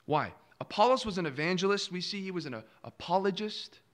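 A man preaching a sermon, firing rhetorical questions and acting out quoted replies with sudden drops to a hush and swells in volume. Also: high-pitched, lively intonation, a little fast.

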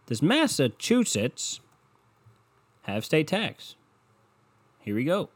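Speaking slowly in a slightly rough, somewhat high voice with wildly swooping pitch, a man hosts a casual solo podcast. He rambles and swears sarcastically into his desk computer mic while looking through online maps.

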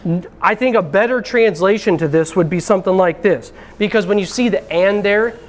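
High-voiced man preaching a casual sermon. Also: fairly quick. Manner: conversational preaching, addresses the congregation as brethren. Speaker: pastor. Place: church sanctuary.

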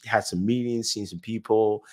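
A man's voice: lowish voice, steady tone, normal speed. A man, a YouTuber guest, telling anecdotes in casual chat, acting out the voices of people he quotes and laughing often.

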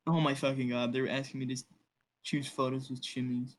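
A man's voice: medium pitch, level tone, fairly quick. A young man co-hosting a podcast, crude and rambling, laughing often at his own jokes. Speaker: podcast co-host. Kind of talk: joking podcast banter.

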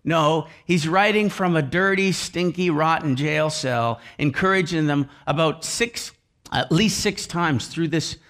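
A man's voice: on the high side, a little slow, a bit bright. A man preaching a sermon with emphasis, repeating key phrases over and over. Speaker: pastor.

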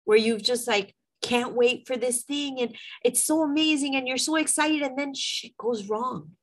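A woman's voice: sits high, normal speed, poor audio. A middle-aged woman, a mother, telling a personal story in a candid, emotional, venting way with some swearing.

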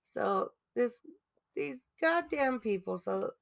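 A woman co-hosts a casual movie podcast. She talks slowly in a gravelly, creaky voice. Her manner is wry and laid-back, with casual swearing. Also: on the high side, animated. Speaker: podcast co-host. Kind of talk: casual movie-review chat.

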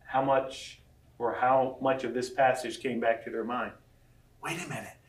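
A man preaching a sermon as pastor, animated, acting out scripture quotes and asking the room questions. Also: mid-range voice, moderate pace. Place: large room with audience. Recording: echoey room from far off.

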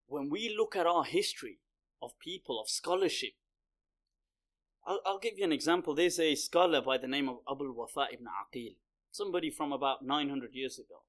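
A man's voice: fairly high pitch, expressive, a little fast, fairly bright tone. A male religious lecturer speaking conversationally, telling a story as part of a lecture.

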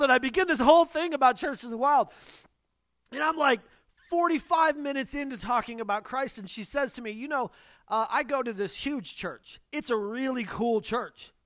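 A young adult male pastor preaching a sermon, telling personal stories in an animated way and acting out the dialogue. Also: very high voice, no echo. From Northern US. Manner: animated storytelling, acts out dialogue.

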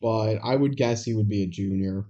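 A man's voice: lowish voice, normal speed, mellow, muffled recording. A man co-hosting a podcast, adding dry, wry remarks about a movie. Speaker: podcast co-host. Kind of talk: casual chat about a movie.

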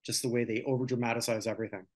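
A man's voice: medium pitch, fairly even intonation, very fast. A man hosting a casual sports talk podcast, venting his opinions with lots of filler sounds. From North America. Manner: opinionated, ranting, many filler "uh"s. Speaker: podcast host.

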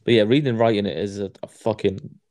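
A man's voice: on the low side, fast, darkish tone. A man in casual chat, rambling with lots of swearing and stumbling restarts.

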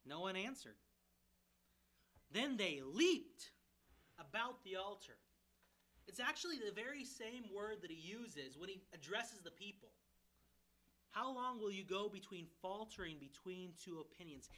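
A man's voice: high voice, a little slow, pauses often. A man preaching a sermon as a pastoral candidate, retelling a scripture story with humor and acted-out quotes. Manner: animated storytelling, voicing characters with humor. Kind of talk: expository sermon.

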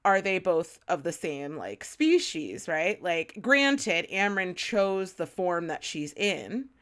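A young woman, chatting loosely as a podcast co-host. She rambles, piles up fillers, and swears freely, then breaks into high, shrieking laughter. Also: sing-song, takes it slowly, fairly bright tone. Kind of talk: casual fan podcast chat.

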